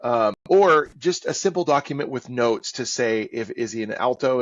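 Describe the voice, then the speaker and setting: A man's voice: medium pitch, normal speed, hardly any pauses, no room sound, highs cut off. Casting: chatty male guest, self-mocking storyteller, mid-range voice, close and dry. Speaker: guest author and audiobook narrator. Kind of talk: casual interview chat.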